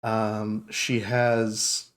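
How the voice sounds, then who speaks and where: A man narrating a tabletop game as game master, relaxed and full of fillers. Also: on the low side, very slow.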